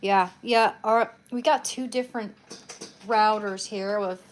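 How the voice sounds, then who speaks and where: A woman's voice: mid-range voice, fairly even intonation, measured pace. Young woman, live streamer, casual rambling chat, bedroom, phone mic, faint background noise. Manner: chatty, rambling asides. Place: bedroom at home.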